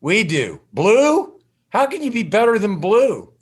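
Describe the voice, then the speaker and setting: A man's voice: high-pitched, huge pitch swings, a little slow, slightly rough. A man speaking as a mayor in an interview, friendly and rambling with many hesitations. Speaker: big-city mayor, interviewee. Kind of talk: relaxed interview banter.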